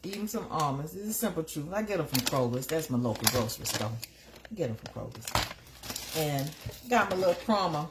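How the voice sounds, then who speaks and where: A middle-aged woman hosting a casual live stream from her kitchen, talking to her viewers in a chatty, repetitive way. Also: rumbling low. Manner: chatty, talks to the chat as "y'all", repeats herself. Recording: noisy home stream with crinkling.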